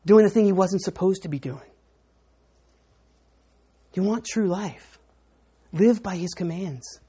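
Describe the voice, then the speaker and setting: Woman preacher, sermon delivery, animated, slips into crowd voices. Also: mid-range voice, slow pace, breathy edge. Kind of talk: sermon with an object lesson.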